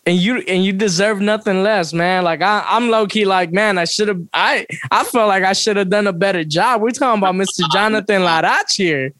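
A man hosting a podcast in casual chat, hyping up his guest with playful, energetic intros. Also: high voice, moderate pace, few pauses, dry recording. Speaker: podcast host.

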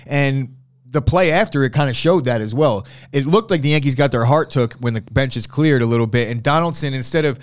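A man's voice: mid-range voice, lively intonation. Blunt, opinionated male sports talk host. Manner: opinionated, blunt, quick to swear. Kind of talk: casual sports debate.

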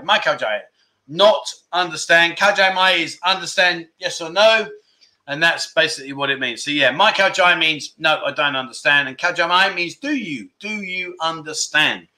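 A man hosting a casual livestream chat, reading out viewer comments and teasing them in a playful, excitable way. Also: on the high side, moderate pace. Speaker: livestream host. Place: Pattaya, Thailand.

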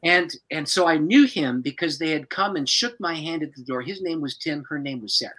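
A male pastor telling a personal story in a dramatic, expressive way, acting out the people in it. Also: on the high side, brisk, poor audio. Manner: dramatic, expressive storyteller who acts out the people in his stories.

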